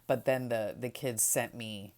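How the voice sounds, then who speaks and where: Very low-voiced chatty crafting woman. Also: fairly even intonation, unhurried. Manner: chatty, rambling, trails off softly. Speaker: craft vlogger. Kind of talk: casual craft journal flip-through chat.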